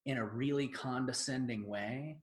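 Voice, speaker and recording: Host: mid-pitched male voice, emphatic casual delivery, echoey room sound. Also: moderate pace. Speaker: podcast host. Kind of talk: casual storytelling chat. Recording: roomy echo.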